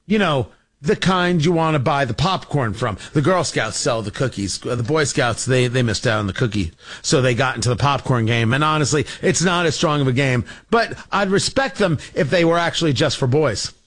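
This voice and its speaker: A man's voice: medium pitch, lively intonation, normal speed, a bit bright. A man hosting a call-in talk radio show, delivering a fiery, sarcastic political monologue.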